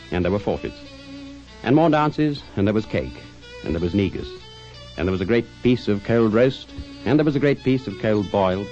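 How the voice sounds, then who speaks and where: Man, storybook narrator, expressive dramatic reading, lowish voice, dull lo-fi recording, faint music.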